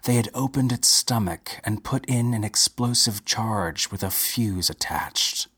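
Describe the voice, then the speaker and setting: Guy reading a short story out loud, calm and steady, kinda husky breathy voice. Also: on the low side, a little slow. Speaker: narrator. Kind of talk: read-aloud short story.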